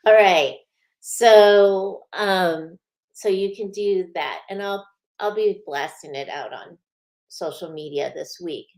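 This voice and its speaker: Chatty, unhurried woman hosting a spiritual show. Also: on the low side. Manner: chatty, laughs often, many fillers. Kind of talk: casual live-stream chat.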